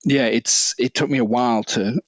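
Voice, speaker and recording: A man's voice: medium pitch, steady tone, moderate pace, no echo. A man talking as a podcast guest in a casual, reflective way, often restarting his sentences. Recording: dull lo-fi sound.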